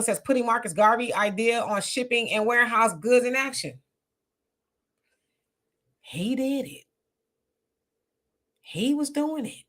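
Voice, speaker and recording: A woman hosts a casual live stream, reading out comments and answering them. Her voice is bright and fairly high, and her delivery swings up and down with energy. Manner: animated, talks back to comments. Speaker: livestream host reading viewer comments.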